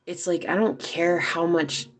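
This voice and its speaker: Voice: medium pitch, fairly even intonation, measured pace. A tarot reader giving a casual, chatty reading to viewers, talking loosely with lots of fillers.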